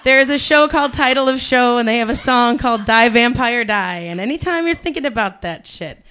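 A woman's voice: on the high side, fairly quick, clear, resonant tone. Brash, profane woman storyteller. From Cleveland, USA. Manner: profane, animated, swings from quiet to shouting. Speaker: guest speaker telling her life story. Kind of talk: personal storytelling talk to a live audience.

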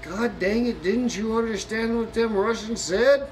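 A man's voice: on the high side, huge pitch swings, fairly quick, a little hiss or hum, pitched above the performer's own voice, poor audio. A man voicing an exasperated, panicky Polish soldier who exclaims and curses mildly. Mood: alarmed.

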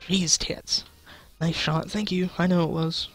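Gravelly young man swearing at a game. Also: a little high, flat delivery, unhurried, fairly bright tone, no room sound, faint music behind. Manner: swearing, frustrated, joking, talking to chat. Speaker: gaming YouTuber. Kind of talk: casual gameplay commentary.

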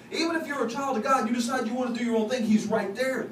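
A high-pitched male pastor delivers a loose, folksy sermon, confessing and joking with his church. He sounds distant from the mic in a reverberant sanctuary, with a steady hiss of noise. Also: fast, hardly any pauses. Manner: folksy, confessional, jokes with the congregation. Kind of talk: conversational sermon. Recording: echoey, distant, noisy church recording.

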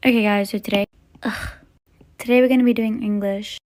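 A woman's voice: a little high, steady tone, a little fast, darkish tone, close to an everyday voice. A woman voicing a stern substitute teacher who lectures the class in a role-play story.

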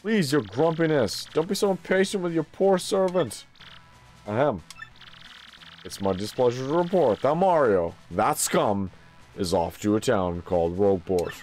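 A man's voice: mid-range voice, animated, a little slow, darkish tone, faint music behind, close to an everyday voice. A man voicing an old female turtle witch who serves her king, fawning and overly polite. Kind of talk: voicing game dialogue during a playthrough.

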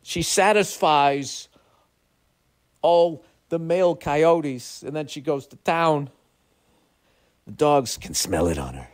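A man putting on an impression of an older, sinister film killer, delivering a slow and drawn-out menacing monologue. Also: fairly high pitch, lively intonation, pitched above the performer's own voice.

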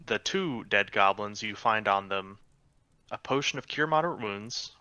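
A man's voice: on the low side, expressive, moderate pace, pushed and bright, dry recording, highs cut off. A man narrating loot and rules as game master of a casual tabletop game. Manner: casual, self-deprecating.

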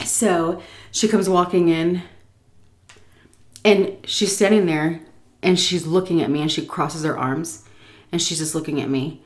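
A woman in her thirties from the United States, casually telling an animated story while eating, often laughing and acting out voices. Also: on the low side, measured pace, long pauses. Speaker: food vlogger telling a story.

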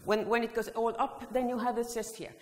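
Lady running a choir workshop, bit high voice, big echoey hall. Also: level tone, fairly quick, a little hiss or hum. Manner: leads the audience through vocal exercises, often singing phrases. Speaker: choir education presenter. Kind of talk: workshop demonstration with sung examples. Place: large hall. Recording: long hall reverb.

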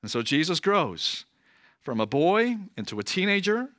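Male preacher, lively delivery, conversational sermon, slightly high voice. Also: normal speed, dry recording, studio quality. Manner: conversational, frequent "right?" asides. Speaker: pastor.

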